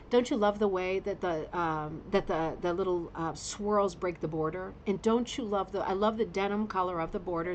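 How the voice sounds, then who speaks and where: A woman hosts a casual craft livestream from a home studio with a green screen. She pours out effusive praise and rambles with plenty of ums and restarts, at an ordinary mid pitch. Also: slight background noise, poor audio. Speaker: host of a rug hooking club livestream. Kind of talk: casual livestream show-and-tell.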